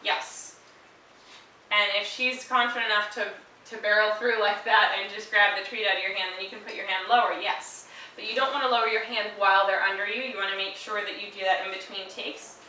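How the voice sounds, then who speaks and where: A woman dog trainer explains handling exercises at an even, patient pace, breaking off now and then for quick high-pitched praise to her dog. Her voice is bright and sharp. She sounds distant from the mic in a very reverberant room with a faint hiss underneath. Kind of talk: instructional demonstration.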